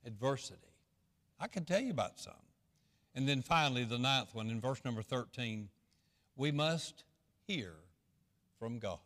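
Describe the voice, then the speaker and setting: A male pastor preaching a sermon in a folksy, repetitive way, swinging between loud stretches and hushed ones. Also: medium pitch, lively intonation, moderate pace, long pauses, in a large hall.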